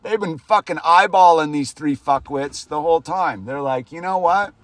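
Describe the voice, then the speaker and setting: On a dry recording, a male podcast host delivers a heated, profane rant at normal speed. He swings from loud to low, sprinkling "dude" throughout and often dropping it at the end of a line.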